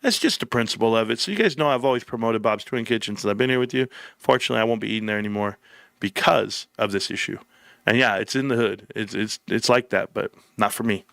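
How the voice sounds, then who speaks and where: A man hosting a live stream, telling stories in an animated, slangy, emphatic way. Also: on the low side, quick pace, vocal fry, no room sound, studio quality. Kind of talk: casual live-stream chat.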